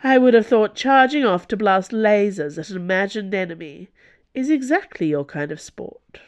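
A woman voicing a scheming, silver-tongued male noble held prisoner, speaking in a measured, wistful way. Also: mid-range voice, lively intonation, pitched above the performer's own voice, lightly acted.

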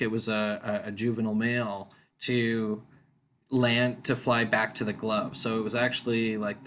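A man, a podcast guest, telling a story in a casual, halting way with many fillers. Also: fairly low pitch, fairly bright tone. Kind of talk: casual interview chat.

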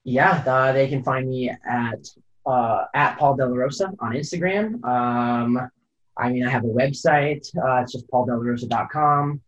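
Male podcast guest, mid pitch, hesitant and rambling with lots of fillers, dull lo-fi audio. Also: a little slow. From California. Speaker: podcast guest, photographer and climber. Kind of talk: casual interview chat. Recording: dull lo-fi sound.

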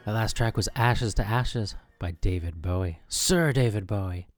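A man hosting a comedic mock radio show with deadpan, pompous announcer patter. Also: lowish voice, moderate pace, faint music behind. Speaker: host.

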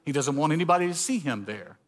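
Animated preacher telling road stories. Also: male voice, on the high side, fast talker. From Mississippi. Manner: storytelling, animated, acts out dialogue with voice changes. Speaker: pastor. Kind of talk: sermon with personal stories.

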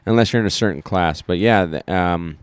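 A man's voice: deep voice, brisk, smooth, no room sound. A man from Iowa co-hosting a podcast, chatting casually about politics, rambling with fillers and restarts. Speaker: podcast co-host.

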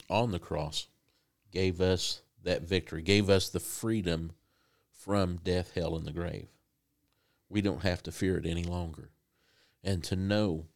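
A man preaching a sermon in a conversational, halting way with frequent restarts. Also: low voice.

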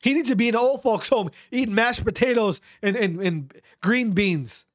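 A man with a high voice hosts a podcast, launching into a fiery, profane rant at a moderate pace. He repeats himself for emphasis.

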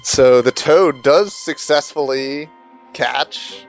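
A man playing a tabletop role-playing game, explaining his turn in a deliberate, amused way. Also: medium pitch, dull audio, faint music behind. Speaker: player. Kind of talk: tabletop role-play chat.

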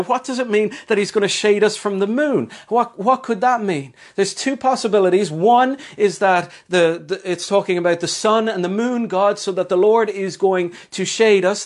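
A fairly high-pitched Irish man delivers a Sunday sermon. He leans on key lines by drawing them out slowly and checks in with his listeners through quick rhetorical questions. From Ireland. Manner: slows down to stress scripture, asks rhetorical questions. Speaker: pastor.

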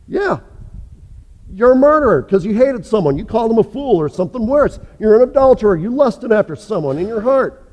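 Guy preaching in a church, high mellow voice, long echo trailing off, earnest, gets loud then goes real soft. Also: very animated, brisk. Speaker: pastor. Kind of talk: sermon.

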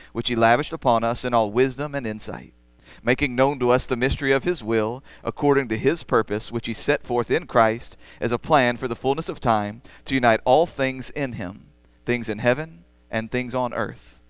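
Earnest man preaching, smooth dry voice. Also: medium pitch, dry recording. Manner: earnest, builds to emphatic preaching. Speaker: pastor. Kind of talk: sermon.

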